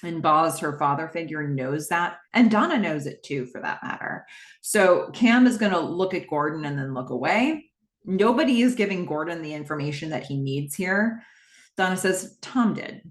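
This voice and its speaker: A woman's voice: deep voice, lively intonation, normal speed. A woman hosting a podcast, recapping a TV episode in a chatty way with laughing asides. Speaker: podcast host. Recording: roomy echo.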